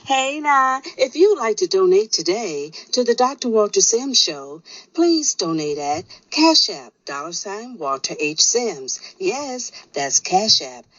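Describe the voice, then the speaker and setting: A woman reading a donation appeal as an announcer, spelling out details slowly. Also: mid-range voice, very animated, fairly bright tone, dry recording. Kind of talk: scripted announcement. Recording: dull dry lo-fi recording.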